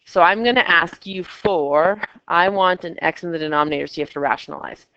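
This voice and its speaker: A woman's voice: on the low side, fairly quick, bright, forceful tone, clear, resonant tone, no echo, muffled recording. A woman teaching a math class, chatty and coaxing her students with questions. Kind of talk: classroom lecture.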